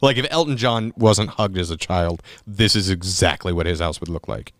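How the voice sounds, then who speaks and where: Animated swearing man in casual chat. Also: deep voice, moderate pace, dry recording, clean studio sound. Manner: animated, swears freely, restarts often. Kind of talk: casual profane movie chat.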